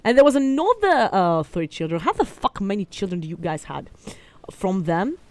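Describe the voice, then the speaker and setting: A woman's voice: medium pitch, very animated, moderate pace, a little mellow, no room sound. A young woman with a Greek accent, retelling myths in a rambling, chatty way with many self-corrections and asides. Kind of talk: casual storytelling monologue.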